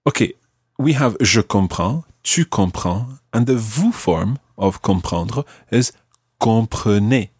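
A man hosting a podcast language lesson, patiently prompting a learner and slowing down for example phrases. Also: fairly low pitch, lively intonation, husky, no room sound, studio quality. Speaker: language teacher and podcast host.

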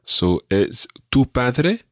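A man teaching a radio language lesson, patient and encouraging, repeating words slowly for the learner. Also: mid-range voice, sing-song, a bit bright, dry recording, clean studio sound.

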